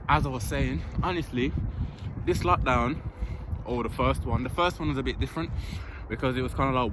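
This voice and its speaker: A man's voice: medium pitch, brisk. A young man vlogging casually from an outdoor park court, chatty and blunt and swearing freely as he talks to his camera. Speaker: fitness vlogger. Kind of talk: casual vlog chat. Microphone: handheld or propped-up camera. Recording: outdoor traffic noise behind. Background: city ambience with passing vehicles.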